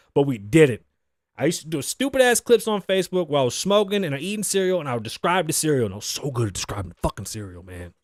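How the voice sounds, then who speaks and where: Animated, profane man in his thirties. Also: a little high, no room sound, studio quality. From Puerto Rican background. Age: 30s. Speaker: podcast host. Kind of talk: solo casual podcast rant.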